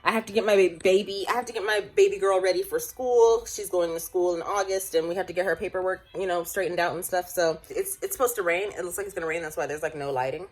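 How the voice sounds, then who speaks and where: A woman's voice: lowish voice, fairly even intonation, quick pace, few pauses, darkish tone. A woman in her late twenties talking in a personal, reflective vlog at home. She rambles with many restarts, laughs often and comes close to tears. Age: late 20s. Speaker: vlogger.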